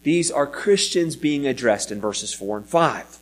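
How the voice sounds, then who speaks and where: A man's voice: medium pitch, expressive, unhurried. A man preaching a sermon that teaches from scripture, with an emphatic delivery that keeps rising and falling and now and then repeats a word. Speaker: pastor.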